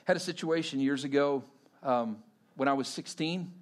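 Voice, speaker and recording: A middle-aged man from Texas, a pastor telling a personal story in a sermon in an animated, conversational way with fillers. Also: mid-range voice, moderate pace.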